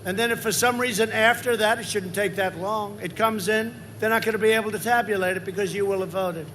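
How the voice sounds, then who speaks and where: A man in his seventies giving a rambling, repetitive campaign rally speech, swinging into loud emphasis. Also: high voice, fairly even intonation, fairly quick, a little hiss or hum. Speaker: politician at a rally.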